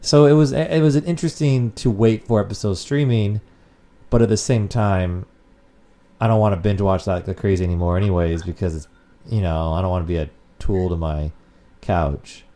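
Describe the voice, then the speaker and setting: A man co-hosts a laid-back podcast in a low, mellow voice. He rambles from one thought to the next, swears casually, and keeps the chat loose. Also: normal speed. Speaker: podcast co-host.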